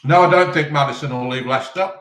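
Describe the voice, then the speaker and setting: Eating as he goes, a live-stream host chats with his viewers and rambles through their questions with plenty of ums. His voice sits fairly high and a bit bright, he speaks at a quick pace, and the room sound is echoey.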